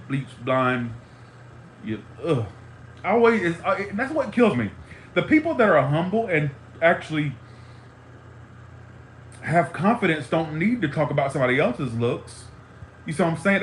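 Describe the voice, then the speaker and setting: A fairly high, sing-song male voice moves at a moderate pace, with a little hiss or hum underneath. His live stream rant is angry, profane, heated, and repetitive, and the room adds echo and faint ambience.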